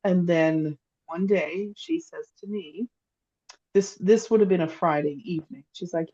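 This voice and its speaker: A woman's voice: fairly low pitch, unhurried, mellow, slightly rough, highs cut off. Woman telling a rambling story. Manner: rambling, emotional storytelling with many restarts. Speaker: psychic, podcast co-host. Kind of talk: casual storytelling chat. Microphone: remote call microphone.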